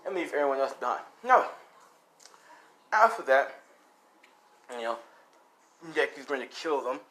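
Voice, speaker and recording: A man's voice: medium pitch, very animated, unhurried, pushed and bright. A young man casually improvising a fan story, rambling with lots of fillers. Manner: rambling, full of "you know" fillers.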